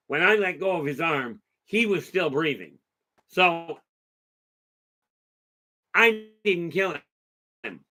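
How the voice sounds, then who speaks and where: Bright, chatty man telling stories. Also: fairly high pitch. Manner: rambling, chatty, with many restarts and asides; reads out and answers viewer comments. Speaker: host. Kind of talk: casual livestream storytelling.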